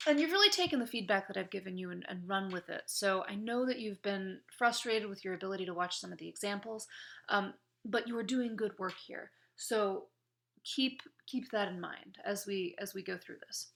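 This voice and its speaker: A woman's voice: mid-range voice, lively intonation, moderate pace, gravelly, bright, forceful tone. A woman instructor giving spoken feedback on a student's presentation, encouraging, with many fillers and restarts.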